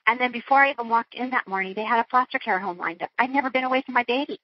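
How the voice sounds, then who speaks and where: A woman's voice: a little high, rapid-fire, breathy edge, lo-fi sound. A woman being interviewed, recounting a personal ordeal in an earnest, flowing way with frequent restarts. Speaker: interview guest.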